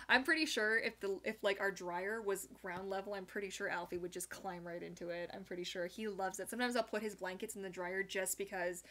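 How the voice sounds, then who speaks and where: A young woman hosting a live Q&A, chatting casually and reading viewer comments aloud with animated, giggly asides. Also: mid-range voice. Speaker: livestream host answering viewer questions.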